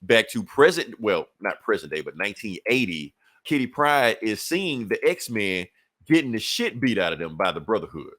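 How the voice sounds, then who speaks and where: Man, low voice, casual profane comic recap, laughing asides. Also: very animated, fairly bright tone. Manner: profane, laughing retelling with quick character asides. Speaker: podcast co-host.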